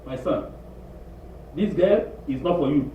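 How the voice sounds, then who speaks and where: A man's voice: fairly high pitch, animated, a little slow, narrow, tinny audio, a little hiss or hum. A man voicing a wise older mother who firmly warns her child, heard from a distance in an echoey room. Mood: warning. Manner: firm, knowing.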